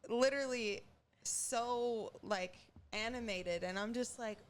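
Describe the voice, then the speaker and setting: A woman's voice: a little high, slow pace. A woman co-hosting a podcast, talking casually with lots of fillers and an occasional curse. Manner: chatty with frequent "like" fillers and cursing. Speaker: podcast co-host. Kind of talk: casual chat.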